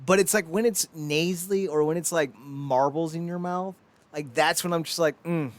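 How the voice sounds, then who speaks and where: A man in his thirties, hosting a podcast, keeps things casual with lots of jokes and laughter in an animated way. His voice is a little high and his pace moderate.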